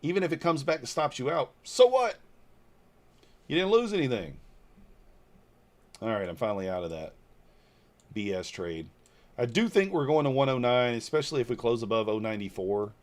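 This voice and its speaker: A Northeast Georgia man in his forties runs a trading livestream, answering viewer comments aloud in casual chat. His medium-pitched voice is sing-song and a little fast, broken by long pauses, and he speaks bluntly and loosely with mild swearing.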